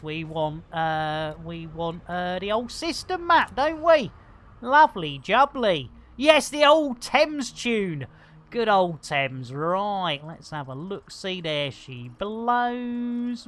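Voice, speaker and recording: Male game streamer, chatty and playful, slow and animated. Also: sits high. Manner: jokey, chatty, full of playful catchphrases. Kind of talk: casual live game commentary.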